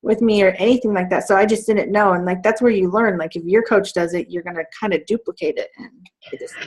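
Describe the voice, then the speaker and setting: Woman, thirties, fitness coach, casual call, chatty, laughing, mid pitch. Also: steady tone, fast talker, darkish tone, breathy edge. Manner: chatty, lots of fillers and laughter. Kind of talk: casual team call chat.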